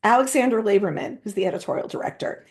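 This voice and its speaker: Middle-aged woman, chatty host, lively anecdotes, laughs often. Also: medium pitch, fast talker. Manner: lively storyteller, laughs often, quotes others. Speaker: interviewer and host. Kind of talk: casual anecdotal chat.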